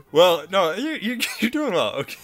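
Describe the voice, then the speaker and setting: A man's voice: high voice, very animated, a little slow, a bit bright. A man co-hosting a casual comedy podcast, joking, laughing often and reassuring his partner. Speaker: podcast co-host.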